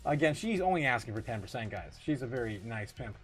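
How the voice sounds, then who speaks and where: A man hosting a casual livestream, reading viewer comments aloud, laughing often and getting excited, full of drawn-out fillers. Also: medium pitch. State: tipsy, recovering from a night of drinking. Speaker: livestream host.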